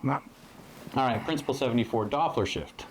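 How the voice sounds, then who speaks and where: A man's voice: mid-range voice, moderate pace, a little hiss or hum. A man co-hosting a lesson, giving brief, laid-back replies and reading principles aloud. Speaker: co-host and image processor.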